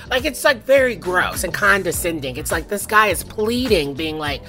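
A woman's voice: lowish voice, very animated, moderate pace, fairly bright tone, soft background music. A woman co-hosting a news chat show, outspoken and sassy. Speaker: co-host.

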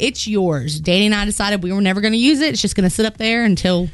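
A woman's voice: quick pace, no room sound. A woman co-hosting a radio show, telling a long story in casual chat and acting out the voices in it. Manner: animated, acts out quoted voices with big pitch jumps.

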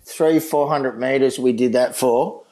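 A man's voice: medium pitch, a little slow, warm tone, poor audio. A middle-aged Australian man and lifeguard telling a rescue story in casual chat, laughing often and swearing freely. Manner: laughing, swearing, mate-heavy yarn-telling. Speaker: guest lifeguard.

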